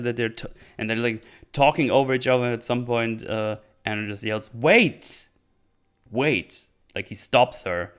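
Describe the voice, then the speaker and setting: A man hosting his own show, casually retelling scenes with filler words and quick quoted lines. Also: on the low side, a bit bright, clean tone. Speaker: podcast host recapping a series. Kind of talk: casual chat.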